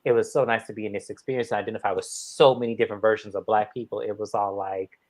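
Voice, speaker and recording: A man's voice: lowish voice, steady tone, quick pace, poor audio. Emphatic man recapping a reality show. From San Francisco Bay Area. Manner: emphatic, repeats phrases for emphasis. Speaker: regular guest on a TV recap show. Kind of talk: casual recap discussion.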